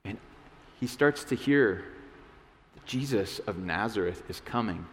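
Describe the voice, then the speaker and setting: A man's voice: fairly low pitch, animated, a little slow. Guy preaching a laid-back sermon, talks like a chat, lots of restarts, big echoey church hall. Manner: conversational, many restarts and fillers, acts out voices. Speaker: pastor. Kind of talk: casual sermon. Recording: long hall reverb.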